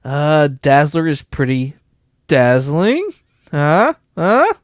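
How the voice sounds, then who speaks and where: A man's voice: on the high side, very animated, slow pace, no echo, clean studio sound. A man hosting a casual livestream, greeting chatters by name and laughing often. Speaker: livestream host.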